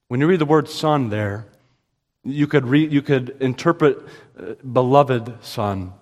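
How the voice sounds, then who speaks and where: A man preaching a sermon as pastor, emphatic, with sudden rises in pitch and slow, stressed quotations. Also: lively intonation, big-room sound.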